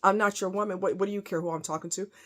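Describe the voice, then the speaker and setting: A woman telling a workplace story in a casual, exasperated, animated monologue. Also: mid-range voice, racing. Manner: animated, exasperated, quotes others in raised voice. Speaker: storyteller recounting a workplace experience.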